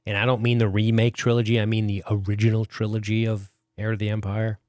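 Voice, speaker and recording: A man's voice: lowish voice, flat delivery, fast, a little mellow, dry recording, studio quality. A man co-hosting a podcast, chatting casually and joking sarcastically. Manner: joking, sarcastic, swears freely. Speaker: podcast co-host. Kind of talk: casual chat.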